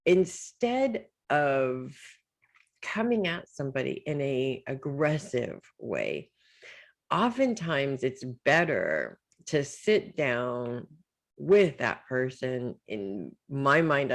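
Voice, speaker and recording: Her voice is extremely low, with big pitch swings and a slow pace, as she delivers a weekly psychic reading framed as casual advice. Loose and reassuring, she checks in with "okay?" and "right?" and lets sentences trail into "blah, blah".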